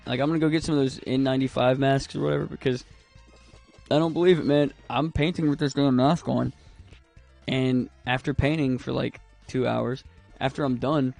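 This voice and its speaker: Gravelly-voiced rambling male streamer. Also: medium pitch, darkish tone. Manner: rambling, chatty, laughs often. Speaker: gaming streamer. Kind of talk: casual chat while playing.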